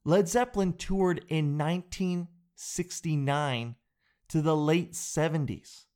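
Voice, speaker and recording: A man comedian telling a comic monologue in an animated, profane storytelling way. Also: a little high, slow. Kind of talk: stand-up style comic monologue.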